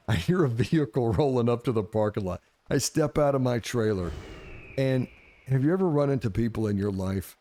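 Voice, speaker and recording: A man spinning a casual, rambling yarn, animated and full of cursing. His voice sits at an ordinary middle pitch, and he laughs through the funny parts. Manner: animated, profane, laughs while telling. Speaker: gaming streamer. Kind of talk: casual storytelling.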